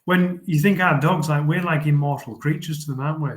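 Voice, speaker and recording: The guest, a fell runner from England, talks a little fast in a fairly high voice with fairly even intonation. Earnest and rambling, he repeats words as he works through his thoughts in this casual interview, recorded with a roomy echo.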